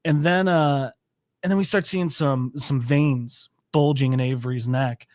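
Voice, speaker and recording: A man's voice: medium pitch, steady tone, measured pace, darkish tone, no echo. A man co-hosting a podcast, recapping a show casually and loosely, with plenty of fillers and swearing. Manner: rambling, loose with fillers and profanity. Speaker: podcast co-host.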